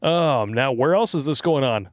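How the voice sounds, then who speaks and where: A man's voice: medium pitch, expressive, moderate pace, dry recording, clean studio sound. A man co-hosting a podcast, talking bluntly and sarcastically in casual political chat, laughing often. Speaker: podcast co-host.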